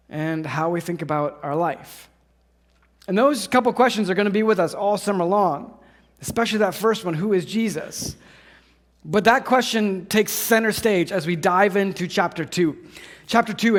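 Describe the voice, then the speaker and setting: Male pastor, higher register, lively storytelling sermon delivery. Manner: animated storytelling, acts out the scene. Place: church.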